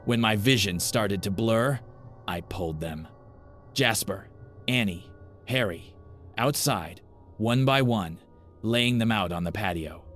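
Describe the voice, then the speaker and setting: Deep-voiced man narrating a horror story. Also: fairly bright tone, soft background music. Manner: grim, measured storytelling.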